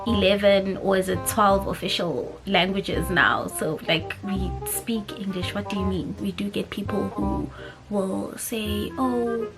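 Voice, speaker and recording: A woman's voice: mid-range voice, unhurried. A young South African woman with a South African accent, chatting casually to camera and slipping between English and isiZulu mid-sentence. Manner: animated, expressive, switching languages mid-sentence. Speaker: vlogger. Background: background music.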